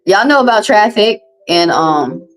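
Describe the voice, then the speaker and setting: A woman with a Southern US accent reading tarot on a live stream, chatting casually in a profane, animated way. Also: mid-range voice, a little slow, soft background music, poor audio. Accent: Southern US, Texas. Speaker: tarot reader.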